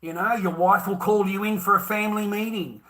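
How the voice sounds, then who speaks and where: High, bright-voiced Australian man ranting. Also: steady tone, fairly quick. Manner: profane, heated, scornful, laughs bitterly. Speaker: vlogger. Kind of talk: angry ranting monologue.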